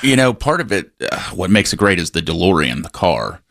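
A man co-hosting a casual radio chat, chiming in with agreeable, quick reactions. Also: deep voice, sing-song, vocal fry, a bit bright, no room sound. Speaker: radio co-host.

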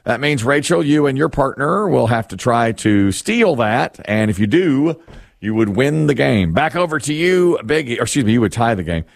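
A man's voice: medium pitch, lively intonation, moderate pace, vocal fry, no room sound. A man hosting a radio quiz game, rereading the question and joking with the panel. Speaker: radio game show host.

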